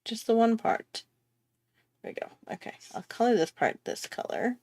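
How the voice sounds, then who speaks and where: A woman's voice: on the high side, very animated, moderate pace, dark tone, no echo. Woman rambling while she draws, pokes fun at herself, lots of little laughs, dry mic. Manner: chatty, self-mocking, laughs often. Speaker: artist hosting a drawing livestream. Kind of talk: casual chat while drawing.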